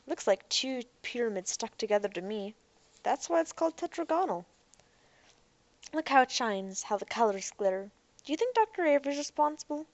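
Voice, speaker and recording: A woman reading the part of a moody, sharp-tongued young woman in an audiobook, teasing and sarcastic. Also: fairly high pitch, big pitch swings, moderate pace, dry recording, voice pushed up.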